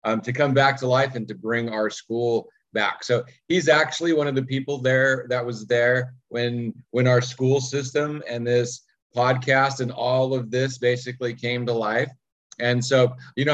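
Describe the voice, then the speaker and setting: A man hosting a podcast, talking earnestly and thinking aloud with frequent pauses and ums. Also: medium pitch, muffled recording. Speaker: podcast host. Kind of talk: podcast introduction.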